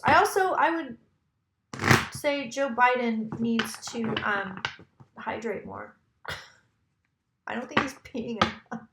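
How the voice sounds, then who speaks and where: A woman's voice: on the high side, lively intonation, takes it slowly, pauses often, roomy sound, heavy background noise. A woman psychic giving a casual, rambling tarot reading, talking straight to her viewers and swearing now and then.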